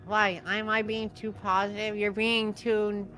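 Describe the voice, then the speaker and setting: A woman talks to a live game-stream chat with a bright, forceful tone. She teases and mock-scolds viewers, swearing in jest. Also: medium pitch, level tone, unhurried, faint music behind. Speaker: co-op streaming guest.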